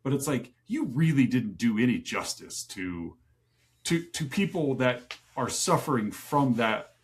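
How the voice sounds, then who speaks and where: A man's voice: mid-range voice, sing-song, a little slow. A man co-hosting a casual movie review podcast, easygoing and cracking dry jokes. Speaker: podcast co-host.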